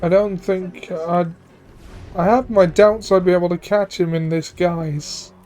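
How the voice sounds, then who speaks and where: Brief: deadpan high-voiced male co-host, faint music behind. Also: measured pace. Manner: dry, rambling musings. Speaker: co-host of a game stream. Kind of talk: casual let's-play commentary.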